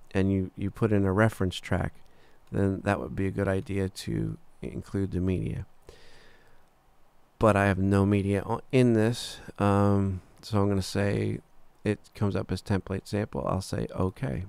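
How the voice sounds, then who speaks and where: A man with a low, gravelly voice talks through a software tutorial in a casual, relaxed way, pausing on fillers as he clicks along. His tone stays smooth and resonant despite the grit. The sound is close and dry, with no room around it. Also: no echo. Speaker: recording engineer teaching software. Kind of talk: screen-recorded software tutorial.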